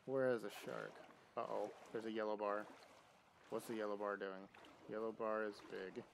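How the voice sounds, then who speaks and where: A man's voice: on the low side, little pitch movement, normal speed, gravelly, a little hiss or hum. A man streaming a game live, chatting casually and talking to the objects on screen. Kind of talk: live gameplay commentary.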